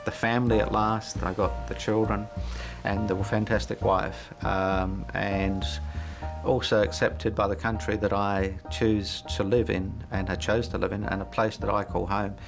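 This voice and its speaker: A man's voice: on the low side, flat delivery, measured pace, gravelly, over music. A middle-aged man telling his life story in an interview, reflective and hesitant, with many fillers and frequent chuckles. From New Zealand. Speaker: interview guest.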